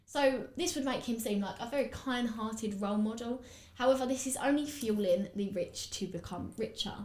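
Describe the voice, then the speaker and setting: A woman's voice: on the high side, moderate pace, darkish tone. Chatty Essex woman in a roomy space. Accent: Essex English. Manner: chatty, rambling, with frequent fillers. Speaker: podcast host. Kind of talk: casual podcast chat while doing makeup.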